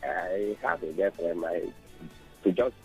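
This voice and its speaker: A Nigerian man calls into a radio show in a very low, husky voice. He searches for words and speaks in halting bits. Faint music plays under the call. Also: a little mellow, low-quality recording. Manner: hesitant, halting. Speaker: caller. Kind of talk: phone-in call.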